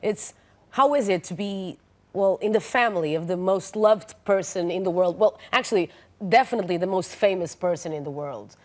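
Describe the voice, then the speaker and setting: A woman's voice: fairly low pitch, normal speed. A woman host with a Portuguese accent interviewing a guest, enthusiastic and stumbling over her words. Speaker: talk show host. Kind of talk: casual interview.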